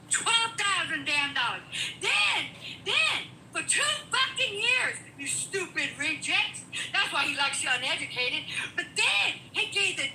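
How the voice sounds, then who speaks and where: A woman's voice: sits high, pushed and bright, a little hiss or hum. A middle-aged woman arguing politics heatedly, swearing and talking over the other person. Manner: angry, profane, emphatic, talks over the other speaker. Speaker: guest in a political debate. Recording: echoey room.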